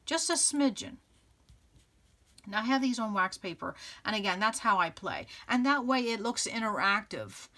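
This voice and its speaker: She speaks at a moderate pace with few pauses, her mid-range voice sharp in tone and swinging widely in pitch. The speaker is a scrapbooking channel host giving casual tutorial narration, chatting brightly, laughing often, and reasoning out loud as she works.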